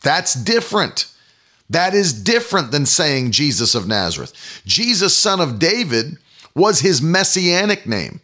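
A man preaching a sermon, emphatic, building to loud exclamations on key phrases. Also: a little high, very animated, unhurried.

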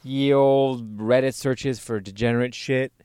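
A man's voice: mid-range voice, steady tone, unhurried, a little mellow, smooth, no room sound, studio quality. A man co-hosting a crude, casual chat, swearing constantly and laughing at his own jokes. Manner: profane, joking, laughs often.

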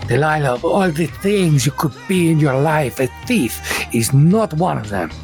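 A man voicing a stern, quick-tempered detective father scolding his daughter in a tabletop game. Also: fairly high pitch, lively intonation, darkish tone, faint music behind. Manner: exasperated, scolding.

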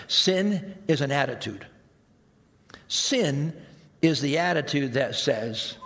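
A man with a high voice delivers a sermon. He talks to the congregation like a conversation, pressing hard on key points and then dropping into quiet, drawn-out asides. His voice rings with a long reverb through a large hall. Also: animated. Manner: conversational preaching, swinging between raised emphasis and hushed, slow asides. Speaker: pastor.

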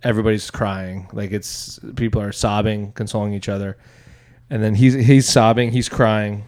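A young man, a stand-up comedian, telling a story in casual chat, rambling with restarts and bursting into loud voices for other people. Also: fairly low pitch, steady tone, normal speed. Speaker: stand-up comedian, podcast co-host.

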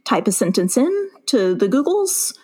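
A woman with a slightly high, husky voice tells a story in a relaxed chat. She is animated and breaks into laughter as she goes. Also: moderate pace. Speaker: teacher and podcast co-host. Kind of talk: casual storytelling.

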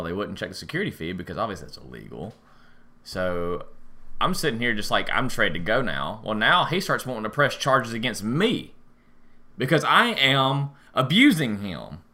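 A young man co-hosting a podcast, telling a rambling comic story and shouting the quoted lines. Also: lowish voice, sing-song, moderate pace. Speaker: podcast co-host.

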